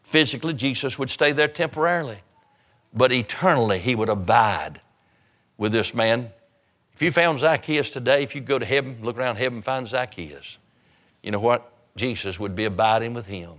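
A man's voice: medium pitch, normal speed, fairly bright tone. A man preaching an evangelistic sermon, urgent and fervent, hammering home repeated phrases.

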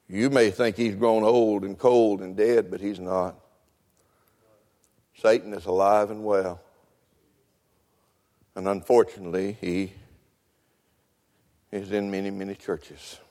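An older man preaching a sermon, swinging between quiet talk and shouting. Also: fairly low pitch, little pitch movement, slow pace, long pauses. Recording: long echo of a large hall.

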